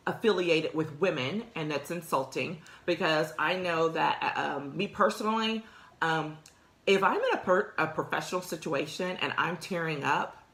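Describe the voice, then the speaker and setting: In an echoey room, a woman with a low-pitched, slightly bright voice hosts a career podcast. She talks through workplace advice casually and emphatically, laughing often.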